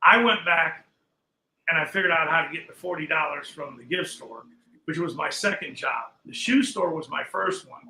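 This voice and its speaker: A man's voice: a little high, bright, forceful tone, echoey room, low-quality recording. An older man casually telling a long story as a podcast guest, acting out the people he quotes.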